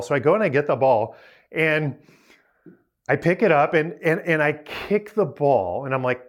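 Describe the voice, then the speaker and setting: A man in his forties, pitched a little above the usual male range, tells a story to young listeners. He is lively and self-mocking, laughing at his own mishaps as a youth speaker. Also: moderate pace. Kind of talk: storytelling talk to a young audience.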